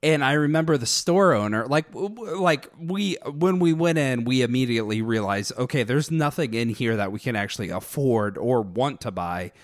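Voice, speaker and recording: An American man tells his stories haltingly, stopping often on "like" and "um" as he searches for words. His voice is mid-pitched and recorded dry and close. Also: lively intonation, no echo. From United States. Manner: halting, filler-heavy storytelling. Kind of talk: casual chat.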